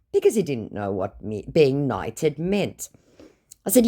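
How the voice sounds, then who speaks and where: A woman's voice: low-pitched, wildly swooping pitch, measured pace, warm tone. A young woman reading out chat messages in a dry, sarcastic comedic narration. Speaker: scambaiter narrating chats.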